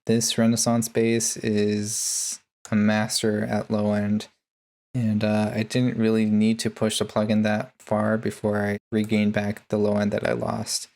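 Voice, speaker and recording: A man talking through his bass mixing chain in a casual tutorial, laid-back and full of ums and uhs. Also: vocal fry, darkish tone. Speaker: music producer.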